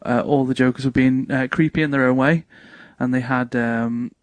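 A man's voice: mid-range voice, moderate pace, dry recording. A man, telling funny stories in casual chat and laughing often. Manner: animated storytelling with frequent laughter.

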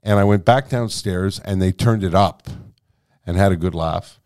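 A man telling a long anecdote as a guest in a conversation, animated and freely swearing. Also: deep voice, moderate pace. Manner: animated, profane storytelling. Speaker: guest storyteller.

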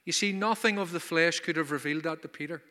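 A man's voice: fairly high pitch, fast talker, bright, forceful tone, long reverb tail. A man preaching a sermon at a conference, emphatic and full of rhetorical questions. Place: conference hall.

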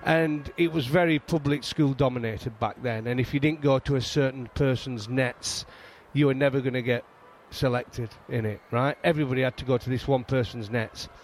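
A man's voice: mid-range voice, moderate pace, few pauses, slight background noise. Chatty Yorkshire man telling stories. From England. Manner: animated storytelling, frequent restarts. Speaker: guest, former fast bowler. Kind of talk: casual chat.

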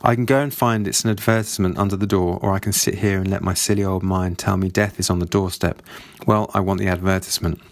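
A man's voice: low voice, steady tone, fast, few pauses, no room sound. A man reading as a grave, weary old servant. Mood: anguished. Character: older male household servant, weary, philosophical.

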